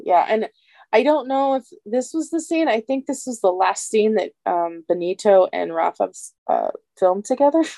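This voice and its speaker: A woman's voice: medium pitch, animated, moderate pace, creaky, mellow, no room sound. A woman co-hosting a casual fan podcast, agreeing with the others and adding her own thoughts. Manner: supportive, short agreeing interjections. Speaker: podcast co-host. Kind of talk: casual chat.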